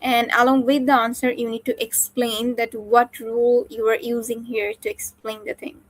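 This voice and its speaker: Brisk woman teacher giving exam instructions. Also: on the high side, little pitch movement, no room sound, poor audio. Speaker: teacher examining. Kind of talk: conducting an oral exam. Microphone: online call.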